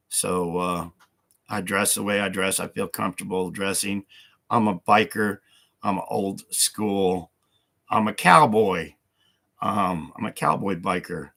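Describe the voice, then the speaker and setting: A man's voice: sits low, vocal fry, sharp tone. A man hosting a casual livestream from home, talking in a rambling, repetitive way full of fillers. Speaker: livestream host.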